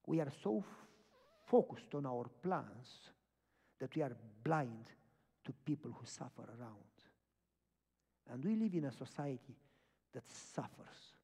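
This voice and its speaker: A man's voice: medium pitch, expressive, slow pace, creaky, long pauses, dark tone, breathy edge. A man preaching a sermon, telling a story with emphatic repeated phrases. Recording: long hall reverb.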